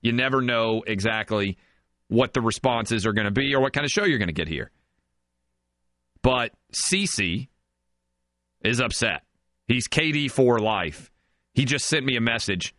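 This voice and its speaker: A man's voice: medium pitch, animated, unhurried, long pauses, fairly bright tone, no room sound. A man hosting a sports talk radio show, riffing sarcastically and in mock outrage.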